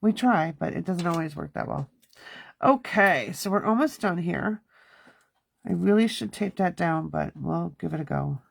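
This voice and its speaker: A woman's voice: on the low side, expressive, normal speed, vocal fry, breathy edge. A woman in her thirties hosting a casual crafting livestream from her home studio, chatting and talking to herself as she works. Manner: chatty, talks to herself while working. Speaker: card-making livestream host.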